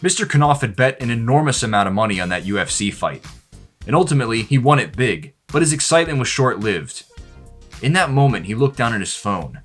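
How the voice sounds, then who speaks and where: A man narrating a behind-the-scenes film in a deadpan, mock-ominous documentary style. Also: on the low side.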